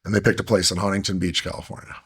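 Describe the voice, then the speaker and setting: A man earnestly recounting a hard personal story as a podcast guest, halting with restarts and fillers. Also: deep voice, little pitch movement, fairly bright tone, husky.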